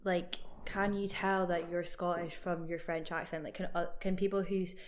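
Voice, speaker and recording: A woman's voice: fairly low pitch, little pitch movement, normal speed, slight background noise. Rambling, curious young woman co-host. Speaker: podcast co-host. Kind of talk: casual chat.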